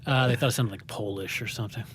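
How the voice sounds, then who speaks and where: American guy rambling through a story, lots of ums, lowish voice, faint hiss behind. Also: steady tone, fast talker. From United States. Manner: rambling and self-deprecating, with many fillers and restarts. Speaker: guest playwright. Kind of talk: conversational interview.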